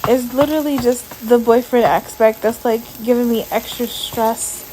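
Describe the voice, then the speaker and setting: A woman with a voice set a little high, speaking in a casual vlog voiceover while lying down at home. She sounds emotional and stressed, sighs often, and keeps reaching for "like" between her thoughts. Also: fairly even intonation, moderate pace, a little hiss or hum, low-quality recording. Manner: soft, sighing, frequent "like" fillers. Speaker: vlogger. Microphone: voiceover mic.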